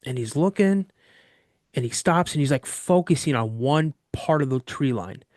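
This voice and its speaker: Animated man telling a story. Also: medium pitch, normal speed, no echo, clean studio sound. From Washington state. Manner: animated, vivid retelling with frequent restarts. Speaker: guest telling an encounter story. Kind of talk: casual first-person storytelling.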